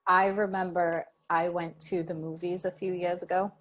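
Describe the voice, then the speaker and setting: A woman's voice: lowish voice, level tone, normal speed. A young adult woman co-hosting a podcast, telling a story in a chatty way, full of "like". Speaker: podcast co-host. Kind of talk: casual chat.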